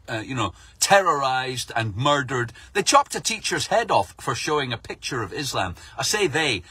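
A man's voice: fairly high pitch, pushed and bright, breathy edge, no echo. A middle-aged man delivering a sweary, sarcastic comic rant about the news. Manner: sarcastic, mocking, swears a lot.

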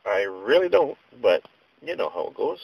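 Husky man ranting with a lively pitch. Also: normal speed, lo-fi sound. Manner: rambling, exasperated storytelling with mild slang. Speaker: vlogger. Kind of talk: casual rant to camera.

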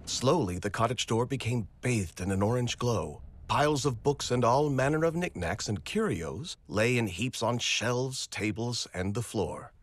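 A man narrating a storybook adventure game aloud in a measured, dramatic way. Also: mid-range voice, lively intonation, no room sound.

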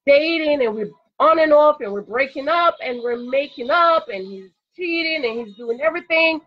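A woman's voice: a bit bright, dull audio. A woman giving dating advice in an emphatic, sassy, preachy monologue, hitting her punchlines hard. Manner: emphatic, sassy, repeats a punchline with rising pitch.

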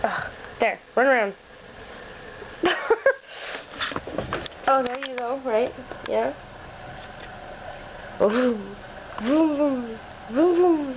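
A woman's voice: a little high, slow pace, pauses often. A woman filming her puppy at home and talking to it in a playful, coaxing way, like a casual home video. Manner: playful, coaxing pet talk. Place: living room at home, indoors. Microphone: handheld camera. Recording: noisy amateur home video.

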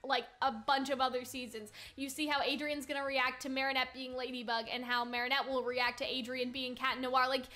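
A woman's voice: sits high, little pitch movement, pushed and bright. A woman chatting casually about a cartoon theory, rambling with many fillers and little giggles. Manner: chatty, fast filler-heavy talk with frequent giggles. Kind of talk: casual commentary.

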